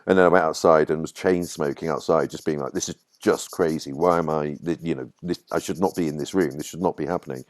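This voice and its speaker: Man, middle-aged, low voice, dry close sound; lively anecdotal guest who mimics others in high pitch. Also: quick pace, hardly any pauses, no echo. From Yorkshire, England. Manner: animated storyteller, acts out quotes in high voices. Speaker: guest writer. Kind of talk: casual anecdotal interview.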